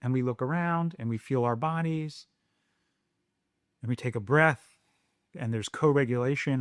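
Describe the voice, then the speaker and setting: A man co-hosting a parenting podcast, talking slowly and soothingly as he explains how to calm a scared child. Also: medium pitch, no room sound, clean studio sound. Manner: slow, soothing, deliberate. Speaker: podcast co-host. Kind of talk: calm parenting advice chat.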